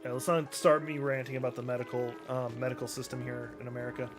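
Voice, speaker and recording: Relaxed man chatting over a game stream. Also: medium pitch, fast, over music. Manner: relaxed, talks to chat while playing. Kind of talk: casual chat while gaming.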